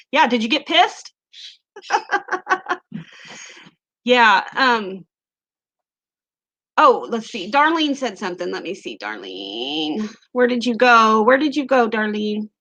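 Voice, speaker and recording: Ozarks woman, livestream host; high, bright, unhurried, chatty and giggly. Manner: chatty, giggly, reads comments aloud. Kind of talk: casual livestream chat.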